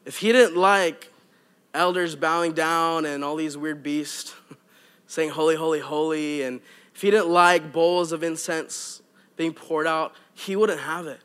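Male pastor, young adult, high-pitched, animated and conversational from the pulpit. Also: unhurried, clear, resonant tone. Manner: animated, conversational preaching with asides. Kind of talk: sermon.

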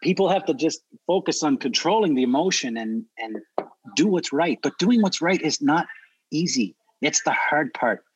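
A man's voice: on the high side, expressive, moderate pace, slightly rough, dry recording, low-quality recording. A man from Canada, a dog trainer and guest, telling his story earnestly with emphatic restarts. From Prince Edward Island, Canada. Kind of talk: casual interview talk.

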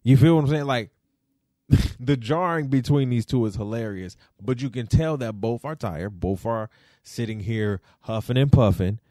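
A man hosting a podcast, giving casual, slangy commentary that swings into animated rants. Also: medium pitch, moderate pace, no echo, clean studio sound. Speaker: podcast host.

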